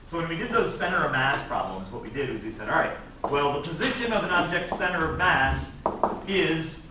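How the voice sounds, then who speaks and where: Brief: male teacher, slightly high voice, conversational lecture, distant mic in a roomy classroom. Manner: conversational, checks in with frequent "right?". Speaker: physics teacher. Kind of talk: classroom lecture, reviewing test problems. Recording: echoey classroom, recorded from afar, noisy.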